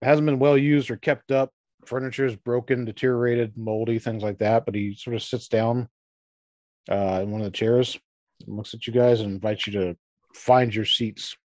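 A man's voice: mid-range voice, level tone, moderate pace, a little mellow, no echo, clean studio sound. A man running a tabletop game as game master, describing scenes in a loose, rambling way with lots of fillers.

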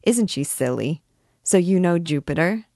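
A shy young woman, flustered and curious, speaking timidly and low, as a woman narrator reads her. The sound is dry and close, a classic storybook reading. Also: lively intonation, normal speed, warm tone, no echo.

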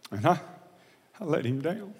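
A man's voice: on the high side, sing-song, darkish tone, slightly rough. Earnest preacher man in an echoing hall. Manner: earnest, confessional, halting with repeated words. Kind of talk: sermon storytelling.

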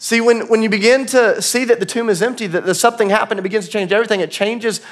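Man, pastor, church sermon, high voice, conversational, earnest. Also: fairly even intonation, fast. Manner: conversational, earnest, laughs at himself. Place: church auditorium.

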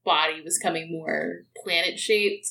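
A woman player describing her character in chatty, quick tabletop talk. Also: low-pitched, steady tone, creaky, sharp tone, low-quality recording. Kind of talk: tabletop game chat.

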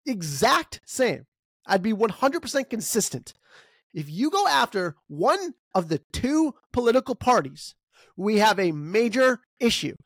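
A podcast host delivering an emphatic, ranting opinion monologue, firing off rhetorical questions, with big swings in pitch and sudden bursts of speed. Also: very animated, measured pace, no room sound.

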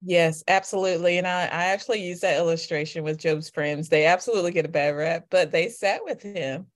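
A woman with children, a guest author, talking thoughtfully and softly about grief and faith. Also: on the low side, a little fast. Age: adult with children. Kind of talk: reflective faith conversation.

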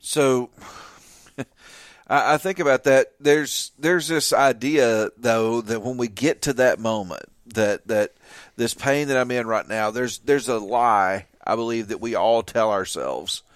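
A man's voice: medium pitch, takes it slowly, clean tone, dry recording. Thoughtful male podcast guest, dry. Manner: thoughtful, repeats words as he builds a point. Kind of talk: casual podcast chat.

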